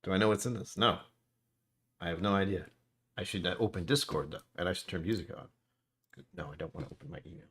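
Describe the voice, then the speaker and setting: A man's voice: low voice, lively intonation, fast talker, vocal fry, pauses often, fairly bright tone, husky. A man hosting a live whiskey stream, chatting casually, rambling and correcting himself as he greets viewers. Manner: rambling, self-correcting, talks to chat.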